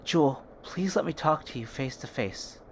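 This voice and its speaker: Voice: mid-range voice, lively intonation, a little slow, a little hiss or hum, natural voice. A fan storyteller voicing an earnest, caring teenage boy who speaks with impassioned reassurance. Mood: gentle.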